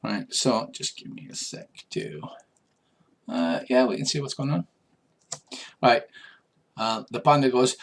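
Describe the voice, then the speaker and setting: Husky older man running a tabletop game. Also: mid-range voice. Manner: relaxed, halting, lots of fillers. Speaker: game master.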